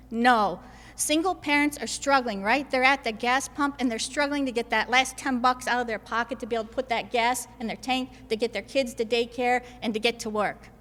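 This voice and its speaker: A woman's voice: on the high side, fairly bright tone. Emphatic woman senator in a reverberant hall. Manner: emphatic, builds points in repeated lists. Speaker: state senator. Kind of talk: political press conference speech. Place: indoor government building hall.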